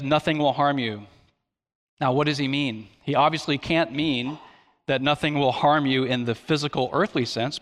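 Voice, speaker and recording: A man's voice: medium pitch, a bit bright. Earnest male pastor in a reverberant hall. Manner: conversational and earnest, with light humor and repeated restarts. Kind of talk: sermon. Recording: long reverb of a large hall.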